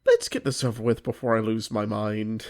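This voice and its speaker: A woman hosting a comedy commentary video, dry, weary and deadpan. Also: a bass voice, normal speed. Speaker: host of a commentary show.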